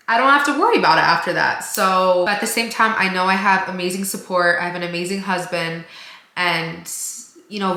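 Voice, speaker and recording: A woman's voice: medium pitch, sharp tone, echoey room. A woman chatting casually while doing her makeup in a get-ready-with-me vlog, rambling with lots of fillers. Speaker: beauty vlogger.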